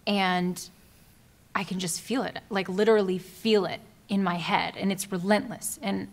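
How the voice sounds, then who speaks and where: A fretful young woman talking in a soft, hesitant, half-hushed voice, played by an actress. Her pitch sits at an ordinary middle height, and she speaks like someone in a comedy short film. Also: fairly even intonation, measured pace, natural voice. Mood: worried. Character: anxious young woman venting to her partner.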